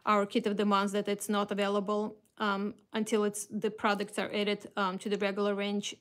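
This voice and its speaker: A woman's voice: medium pitch, completely flat delivery, normal speed, fairly bright tone. Chatty woman with a Russian accent. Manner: chatty, many fillers and restarts. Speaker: craft company host. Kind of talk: casual product showcase.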